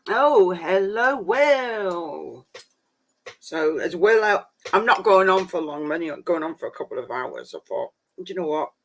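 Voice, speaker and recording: A man's voice: sits high, expressive, a little slow, gravelly, a bit bright. A man chatting casually on a live stream, rambling and saying "flipping" a lot.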